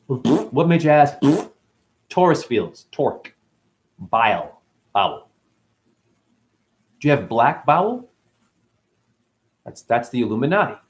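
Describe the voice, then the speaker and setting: With a mid-range voice, a man speaking as a spiritual teacher rambles through a casual, profane monologue, swinging between loud outbursts and muttering.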